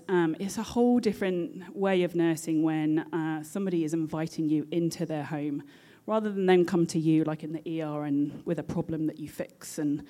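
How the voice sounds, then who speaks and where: Lively British woman telling a story. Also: low-pitched. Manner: lively, animated, laughs often while telling. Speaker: nurse. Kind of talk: personal storytelling.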